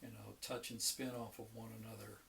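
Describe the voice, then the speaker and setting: A man's voice: lowish voice, flat delivery, a little fast, creaky, far from the mic, crowd noise. A man who is an economics professor, giving an informal, folksy online lecture with many fillers and restarts. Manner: chatty and folksy, tells jokes with acted quotes.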